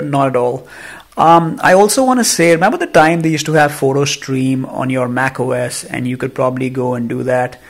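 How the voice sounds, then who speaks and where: A man with an Indian accent giving a casual phone review, ranting in an animated, exasperated way. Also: on the high side, creaky. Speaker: tech reviewer.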